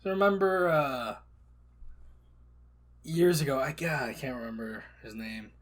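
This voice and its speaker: A man co-hosting a casual podcast chat, joking and swinging between loud and soft. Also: mid-range voice, unhurried. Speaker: podcast co-host.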